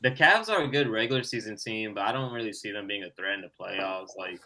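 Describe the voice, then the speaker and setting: A man gives short, agreeable takes in a casual sports chat. He talks quickly in a lowish, bright and forceful voice. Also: lively intonation. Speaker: podcast co-host.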